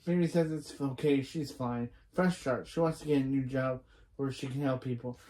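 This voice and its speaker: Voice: mid-range voice, steady tone, moderate pace, dark tone. A reviewer casually recapping a TV episode scene by scene, stopping to correct themselves and adding personal opinions along the way. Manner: retells scenes line by line, with frequent restarts and opinion asides. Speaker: reaction reviewer.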